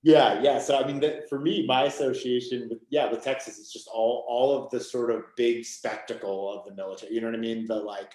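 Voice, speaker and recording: A man's voice: mid-range voice, steady tone, a little fast, few pauses, a little mellow, reverberant, rough recording. A man from Maine, an author guest, speaking in a rambling, casual way full of "you know" and "like" on a video call. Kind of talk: casual conversation.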